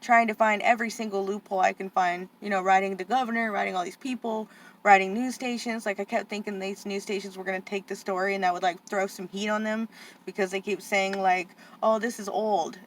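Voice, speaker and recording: A young woman talking straight to camera in a casual, heated rant. Her voice sits at an ordinary middle pitch and she fills her speech with "like" and "you know". She sounds frustrated and worked up throughout. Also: steady tone, a little fast. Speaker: vlogger, aunt of a boarding-school student.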